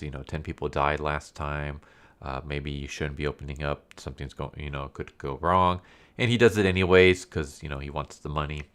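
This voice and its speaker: Deep-voiced man casually recapping a comic. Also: fairly bright tone, clear, resonant tone. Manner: loose, rambling, filler-heavy recap. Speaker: comic book reviewer. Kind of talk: casual spoken review.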